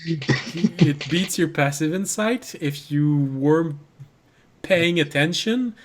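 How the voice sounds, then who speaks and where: A man's voice: on the high side, slow pace. A man narrating as game master of a tabletop game, explaining rules and describing items patiently.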